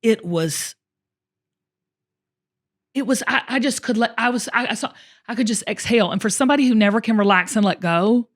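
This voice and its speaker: A woman host telling a personal story in casual conversation, emotional and expressive, often speaking straight to her listeners. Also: a little high, moderate pace, long pauses. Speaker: show host.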